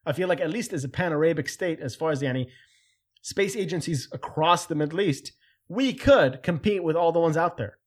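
A man hosting a casual solo commentary, animated and jokey, getting louder when he mimics other people. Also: fairly high pitch, fairly quick. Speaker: host.

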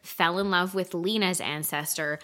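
Bright-voiced chatty Canadian-born woman. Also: fairly low pitch, steady tone, measured pace. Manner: chatty, swears freely, acts out quotes in silly voices. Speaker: podcast co-host. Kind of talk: casual chat.

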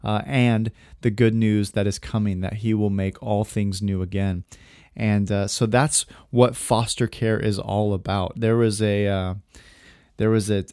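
A man's voice: lowish voice, a little mellow, dry recording, studio quality. A man hosting a podcast, telling a heartfelt personal story in an earnest, casual way with many fillers. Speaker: podcast host.

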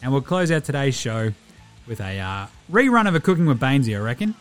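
A man with an Australian accent, hosting a podcast and reading ads and thanks quickly and cheekily. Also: mid-range voice, very animated, faint music behind. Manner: rapid, cheeky, slangy. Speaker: podcast host. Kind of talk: quick ad read and show sign-off.

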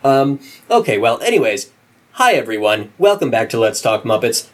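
A man's voice: mid-range voice, very animated, moderate pace. A man hosting a casual podcast, joking in a playful, self-deprecating way. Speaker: podcast host.

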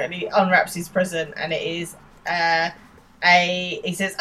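A woman from England, her voice on the low side, co-hosting a chatty podcast. She retells the episode with energy, slipping into the characters' lines as she goes. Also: flat delivery, moderate pace, fairly bright tone, rough recording. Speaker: podcast co-host. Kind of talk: casual chat recapping a show.

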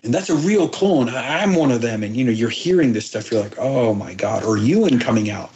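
Middle-aged man, mid-pitch voice, earnest storyteller, stumbles and restarts, acts out quotes. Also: animated, a little mellow, lo-fi sound, slight background noise. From abroad, moved to the United States as a child. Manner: earnest, halting, many restarts and quoted dialogue. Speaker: actor guest. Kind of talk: emotional interview storytelling.

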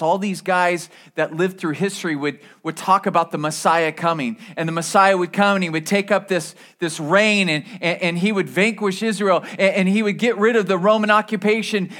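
Male pastor, higher-pitched voice, casual sermon with asides and restarts. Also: fairly bright tone. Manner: conversational preaching with asides and repeated restarts.

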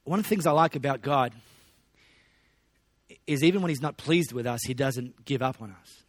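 A man preaching a sermon in a relaxed, conversational way, with joking asides to the congregation. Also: mid-range voice, moderate pace, no echo. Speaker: pastor.

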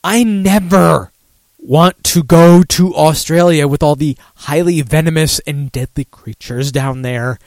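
A man's voice: fairly high pitch, unhurried, darkish tone, no room sound. A man hosting a casual one-man talk show, rambling and swearing, laughing at his own remarks. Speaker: radio show host.

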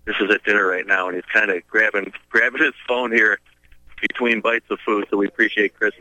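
Talk radio host, male, tense bright delivery, rallying listeners to act. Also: on the low side, flat delivery, fairly quick, no echo, low-quality recording. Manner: urgent, preachy activist rallying listeners. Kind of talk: casual call-in radio talk.

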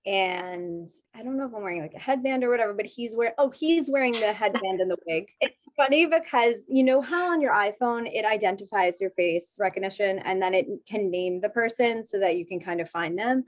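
A woman's voice: mid-range voice, animated, brisk. A woman in her thirties telling stories in casual chat as a podcast guest, laughing often. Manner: chatty storyteller, laughs often.

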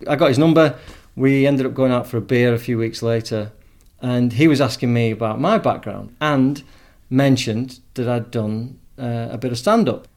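A middle-aged man from England with an English accent, a podcast guest telling his story in relaxed conversation and often repeating words as he restarts. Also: medium pitch, moderate pace, few pauses. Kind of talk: casual interview storytelling.

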